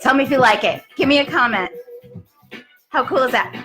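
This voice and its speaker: A woman hosting a live stream, bubbly and excitable, chatting with her viewers. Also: high-pitched, moderate pace. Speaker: fitness business show host. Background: faint music.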